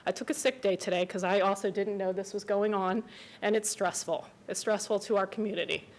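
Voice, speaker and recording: A woman's voice: mid-range voice, fairly even intonation, fairly quick, poor audio. Resident woman, forties, earnest and emotional, pleading at a county meeting. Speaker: resident speaking at public comment. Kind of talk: public comment at county meeting.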